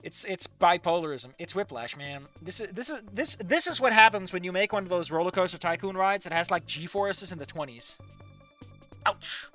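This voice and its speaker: An exasperated critic picks apart a story with sarcasm and frequent swearing, the bright, sharp voice jumping around in pitch before dropping into quiet mutters. Faint music plays underneath. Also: lively intonation, normal speed. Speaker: fan fiction reader and critic. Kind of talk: sarcastic commentary on a story read aloud.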